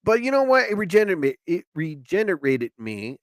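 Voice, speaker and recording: Lively chatty man, dry close sound. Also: a little high, fairly quick, no room sound. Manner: animated storyteller, acts out quotes. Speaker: live show host. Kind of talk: rambling solo chat.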